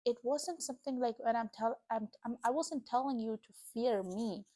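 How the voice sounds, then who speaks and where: A woman's voice: a little high, moderate pace, dark tone, no echo. A young woman sharing a personal faith testimony in an earnest, emotional, chatty way with lots of fillers. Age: young adult. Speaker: Christian vlogger. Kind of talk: casual spoken testimony.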